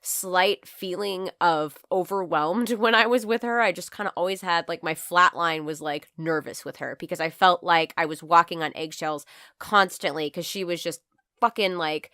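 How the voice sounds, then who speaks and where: A woman's voice: lowish voice, moderate pace, sharp tone, smooth, dry recording, clean studio sound. A woman in her twenties telling a personal story on her vlog, candid and profane, acting out scenes as she goes. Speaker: vlogger.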